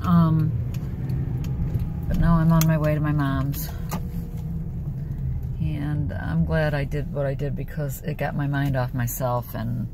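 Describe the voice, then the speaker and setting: A woman's voice: a bass voice, creaky, noisy background. A middle-aged woman talking candidly into her phone in a casual personal vlog, rambling and a little self-pitying. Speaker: vlogger.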